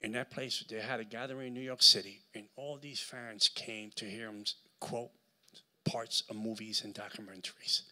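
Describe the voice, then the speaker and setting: A man with a Puerto Rican accent preaching a sermon as guest speaker at a church service, telling stories in an animated way and building up to loud preaching. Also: fairly low pitch, normal speed.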